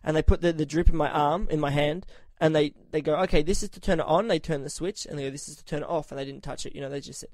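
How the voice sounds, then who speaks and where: A man's voice: a little high, fast, few pauses, no room sound. A man from Australia telling a story on a podcast in casual chat, swearing a lot and raising his voice when he quotes himself. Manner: profane, animated, shouts when quoting himself.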